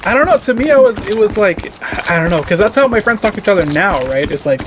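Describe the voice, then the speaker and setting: A man's voice: high-pitched, expressive, fast talker, background noise. A man chatting casually while he plays a game on stream, loose and rambling, full of "like" fillers. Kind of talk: casual chat.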